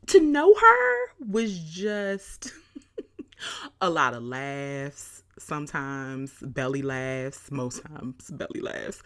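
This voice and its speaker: A woman hosting her own podcast, telling stories in an animated, chatty way with frequent laughter. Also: low-pitched. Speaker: podcast host. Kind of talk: casual podcast monologue.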